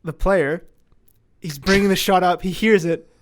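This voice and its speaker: Animated young man telling a story. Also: sits high, measured pace, no room sound. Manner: animated, laughs often, acts out quotes. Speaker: podcast host telling a story. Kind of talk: casual storytelling chat.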